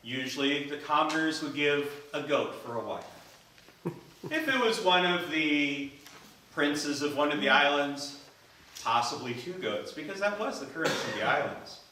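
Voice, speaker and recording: A man's voice: on the high side, normal speed, far from the mic, slight background noise. Man telling a folk tale in an echoey room. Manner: animated storytelling, acting out characters. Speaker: Toastmasters speaker. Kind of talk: told story speech. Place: club meeting room.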